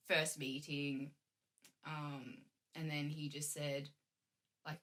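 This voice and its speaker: Bright-voiced young woman. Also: low-pitched, steady tone, takes it slowly, long pauses. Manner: chatty, laughs often, acts out quoted lines. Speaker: guest. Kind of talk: casual storytelling chat.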